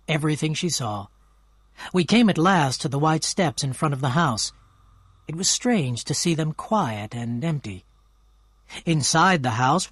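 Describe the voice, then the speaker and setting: A man's voice: a little high, dry recording. Man narrating a storybook, dry sound. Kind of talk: scripted storybook narration for learners.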